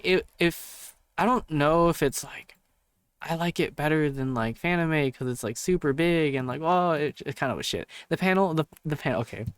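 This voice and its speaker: A man's voice: a little high, clean tone, dry recording, clean studio sound. A man chatting casually on a live stream, rambling through a story with lots of swearing and restarts.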